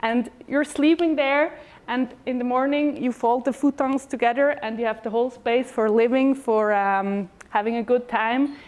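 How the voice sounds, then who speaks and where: A woman with a slightly high voice speaks at normal speed during a short presentation at a talk event held in an event hall. She comes across as lively and chatty, often using fillers and restarting her thoughts.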